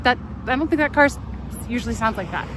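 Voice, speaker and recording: A young woman from California hosts a live street vlog, talking fast in a slightly high voice with lively intonation. As a chatty travel vlogger, she tells stories, laughs frequently, and reads chat aloud while outdoors on a town street. Traffic, street noise, and crowd sounds are audible behind her.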